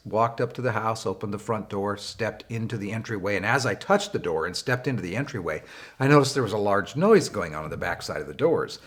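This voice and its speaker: A man's voice: animated, a little fast. A man teaching leadership through a personal story, talking conversationally with frequent fillers and wry emphasis. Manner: rises in pitch for wry emphasis. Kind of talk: anecdotal storytelling lesson.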